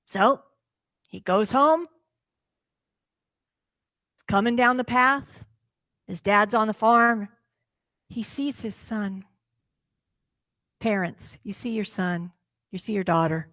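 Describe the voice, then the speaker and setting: A woman minister preaching a sermon, telling a parable in a lively way and acting out its characters' lines. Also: mid-range voice, takes it slowly, pauses often, no room sound. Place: church sanctuary.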